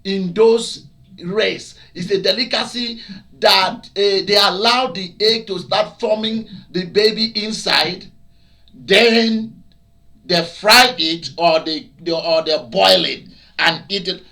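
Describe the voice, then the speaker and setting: A Nigerian man preaching, his voice sitting high with a bright, forceful edge. He tells his stories in an animated way, rising into shouts and laughter as he drives each point home. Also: slow, creaky. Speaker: pastor. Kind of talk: preaching to a broadcast audience.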